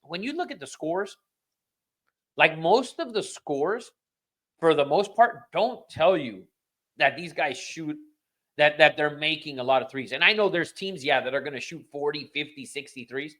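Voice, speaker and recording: A man's voice: on the high side, lively intonation, moderate pace, fairly bright tone. A man hosting a podcast, ranting in casual, profane chat that rambles with restarts. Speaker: podcast host.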